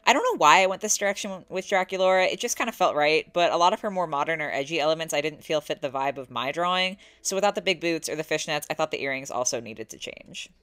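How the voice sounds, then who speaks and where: A young woman narrating her own drawing process in a soft-spoken, candid voice-over. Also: low-pitched, animated, quick pace, few pauses. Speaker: artist vlogger.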